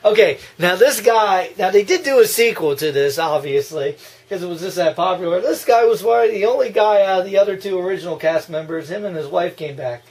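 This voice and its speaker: A man giving casual, excitable movie reaction commentary, gushing and breaking into laughs and yells. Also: high voice, brisk.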